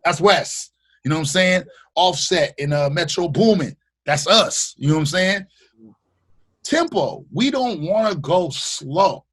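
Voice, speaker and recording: A man from the Bay Area, a radio host, chatting as a podcast guest in slangy, animated storytelling style, acting out what people said. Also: high voice, measured pace, slightly rough. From Bay Area, California. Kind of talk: casual interview chat.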